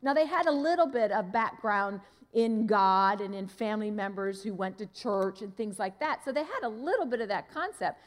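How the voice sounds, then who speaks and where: A woman pastor preaching a sermon, telling a story with lively acted-out dialogue. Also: mid-range voice, moderate pace, in a large hall. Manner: animated, acts out dialogue in her story.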